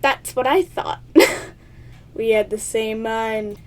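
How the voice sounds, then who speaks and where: Woman with a high voice, reads a text game aloud, trips over words, giggly asides. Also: slow. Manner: stumbles over words, often tongue-tied; giggly, playful asides to viewers. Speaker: player of a text adventure game. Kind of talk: reading a choice game aloud with reactions.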